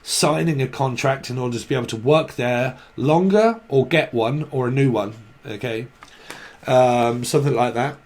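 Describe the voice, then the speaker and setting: A man's voice: mid-range voice, moderate pace, a little mellow. A man giving a casual tarot reading, rambling and blunt, swearing freely. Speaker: tarot reader.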